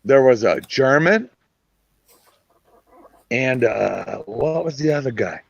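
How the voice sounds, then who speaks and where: A man in casual chat who tells a joke, animated and laughing at himself. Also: medium pitch, slow, gravelly, dull audio.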